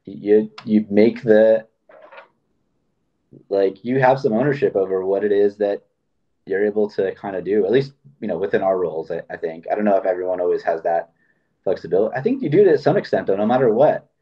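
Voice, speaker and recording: A man with a fairly low voice talks in a loose, rambling way, often slipping into quoted dialogue. The recording sounds dull and lo-fi. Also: brisk. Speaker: podcast host. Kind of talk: casual conversation.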